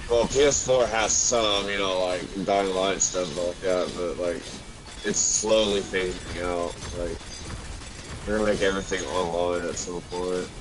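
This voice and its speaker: A man's voice: deep voice, steady tone, a little slow, crowd noise. A young man chatting casually about games over an online voice chat, rambling with lots of "like" fillers. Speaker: gamer in a voice chat. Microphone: online voice chat mic. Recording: noisy, garbled voice chat line.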